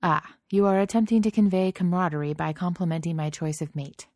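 A woman voicing a stiff, formal male alien science officer who speaks in a deadpan, precise way. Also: lowish voice, a little fast, no echo, clean studio sound, close to an everyday voice.

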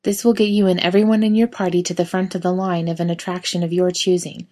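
A woman's voice: lowish voice, little pitch movement, fast, natural voice. A woman voicing an irritable, bossy man who works at a haunted attraction, in a spoken story. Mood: stiffly polite. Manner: yelling, curt and scolding. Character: bossy, irritable male event staffer.

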